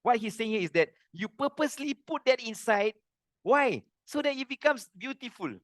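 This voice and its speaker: A middle-aged man teaching a religious lesson, earnest and plain-spoken, with animated delivery. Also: very high-pitched, normal speed, dry recording, studio quality.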